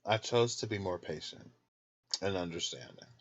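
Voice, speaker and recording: Man, very low voice, casual candid ramble, snacking in bed, slightly dull lo-fi audio. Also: normal speed. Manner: candid, loose and chatty, laughs often; snacking while talking. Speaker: tarot channel host. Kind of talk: casual late-night rambling vlog. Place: in bed at home.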